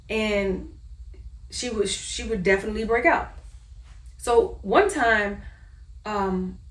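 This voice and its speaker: A mother casually telling her family's story in an animated way, acting out her own reactions. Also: a little high. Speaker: mother sharing her family's diet experience. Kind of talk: casual personal storytelling monologue. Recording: echoey room, voice far from the mic.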